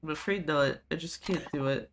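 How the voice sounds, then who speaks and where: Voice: mid-range voice, moderate pace, a bit bright, close to an everyday voice. Stern old tattoo master voiced plainly by a let's-play streamer, lecturing tone, faint hiss. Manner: grave, lecturing.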